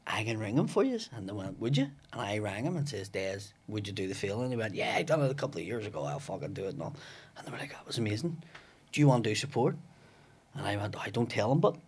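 A man's voice: fairly low pitch, fast, slightly rough. Swearing Belfast man telling stories. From West Belfast, Northern Ireland. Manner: swearing, animated storyteller acting out dialogue. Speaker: comedian guest. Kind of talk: casual podcast chat. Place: podcast studio.

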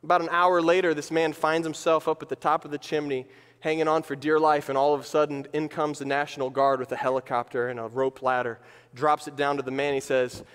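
A man's voice: a little high, little pitch movement, fairly quick, a bit bright, clean tone, long reverb tail. A man preaching a sermon as pastor, emphatic and repeating phrases for weight. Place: church sanctuary.

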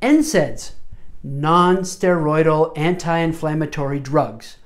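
A woman's voice: low-pitched, lively intonation, takes it slowly. A woman teaching medical Spanish word order, mixing Spanish words into her English and often checking in with "okay?".

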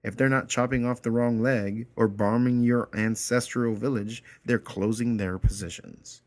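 A man's voice: sits low, normal speed, a bit bright, husky, full character voice. A man reading aloud the lines of a sardonic, weary male book critic with mock-grave sarcasm. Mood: sarcastic.

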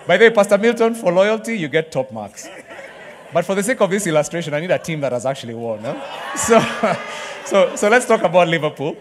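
A fairly high-voiced man preaches to his congregation in a church hall, and the sound rings out with a long reverb. He jokes with the people in front of him and slips into excited voices as he acts out cheering sports fans. The delivery is loose and conversational, with bursts of energy. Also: brisk, a little hiss or hum. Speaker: pastor. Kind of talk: sermon.

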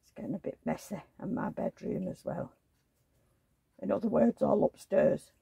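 Woman, middle-aged, husky and a bit gravelly, rambling homely vlog chatter. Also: mid-range voice, normal speed, dark tone, dry recording, rough recording. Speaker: doll collector vlogger. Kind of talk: casual chatty vlog, talking to dolls. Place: indoors at home.

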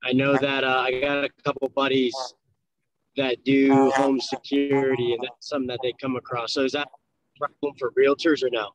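Man, trainee asking questions, flat monotone delivery, muffled lo-fi call audio. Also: mid-range voice, moderate pace, a crowd in the background. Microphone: video call.

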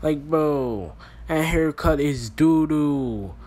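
This roast video creator, a young man, has a voice on the high side with a darkish tone and a slow delivery. Into a phone mic he rattles off profane, exasperated comedy roasts, swearing constantly and calling everyone "bro."

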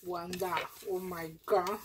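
A woman vlogger unboxing craft mail, gushing and effusive, with halting speech and many restarts. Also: on the low side, flat delivery, heavy background noise. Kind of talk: casual happy-mail unboxing.

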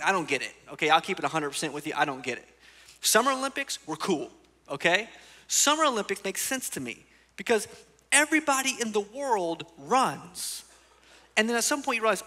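Bright high-voiced guy preaching, super animated, lots of jokes, church hall reverb. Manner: animated storytelling, acts out voices. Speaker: teaching pastor. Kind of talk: lively sermon with humor. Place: church auditorium.

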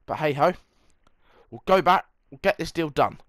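A man's voice: fairly high pitch, expressive, moderate pace, a bit bright, no room sound. Chatty man narrating gameplay. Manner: chatty, self-mocking, bursts into mock match commentary. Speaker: gaming video creator. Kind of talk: casual gameplay commentary.

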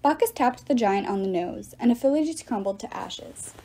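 A woman reads a novel aloud with lively, expressive narration. Her voice sits a little high, soft and mellow with a breathy edge. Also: normal speed. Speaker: reader.

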